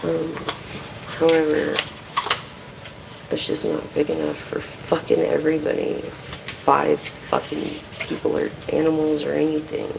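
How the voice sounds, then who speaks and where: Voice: mid-range voice, monotone, normal speed, creaky, pauses often, background noise. A tarot and oracle card reader giving a casual live-stream reading, rambling, swearing constantly and chatting straight to viewers by name.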